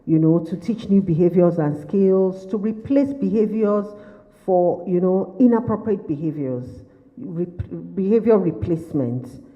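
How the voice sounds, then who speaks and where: A woman's voice: fairly low pitch, measured pace. A woman trainer giving a workshop lecture to caregivers, firing off repeated questions and restating her points. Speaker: behaviour management trainer. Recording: lo-fi recording with long hall reverb.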